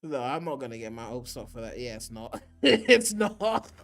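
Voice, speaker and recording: A man in his twenties streaming a live reaction, loose and excitable, swearing and thinking out loud. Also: mid-range voice, fast talker. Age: 20s. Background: showcase audio playing.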